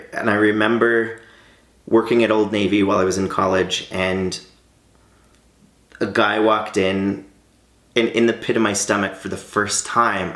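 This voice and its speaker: A vlogger in his late thirties, with a lowish, slightly bright voice and a roomy sound, tells a personal story. He's candid and heartfelt, with light laughs.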